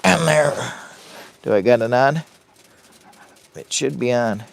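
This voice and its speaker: Slow and gravelly, this man's mid-range voice drives a casual phone livestream from a heated tent on a camping trip. He's a chatty vlogger who rambles and urges viewers to like and share.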